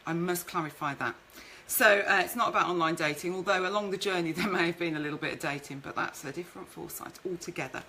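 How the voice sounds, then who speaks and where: A woman's voice: on the low side, quick pace, few pauses, sharp tone, poor audio. A woman hosting a live-streamed business talk, chatty, reading out viewer comments and telling stories from her career. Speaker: networking show host and speaker.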